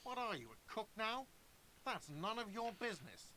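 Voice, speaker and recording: A snippy cafeteria manager. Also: male voice, sits high, big pitch swings, moderate pace, bright, forceful tone, exaggerated voice, low-quality recording. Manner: impatient, dismissive.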